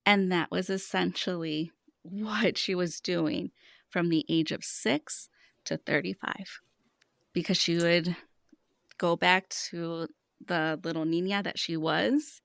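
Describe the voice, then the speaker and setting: A woman in her thirties talks through money habits as a podcast guest, in a low voice with a gravelly edge. She explains earnestly and tells stories from her coaching. The sound is dry and close. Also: takes it slowly, fairly bright tone, dry recording. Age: 30s. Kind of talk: casual podcast conversation.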